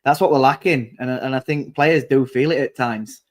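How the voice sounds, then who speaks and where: A man co-hosts a football watchalong in a loose, rambling way, full of anecdotes. His voice sits at an ordinary middle pitch. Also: moderate pace. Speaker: watchalong co-host. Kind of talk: casual football chat.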